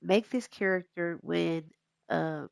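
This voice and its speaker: A woman with a stuffy nose talks slowly in a gravelly, slightly low voice, rambling through a casual gameplay chat. The sound is dry and close. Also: no echo. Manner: rambling, relaxed, with fillers. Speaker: gaming YouTuber.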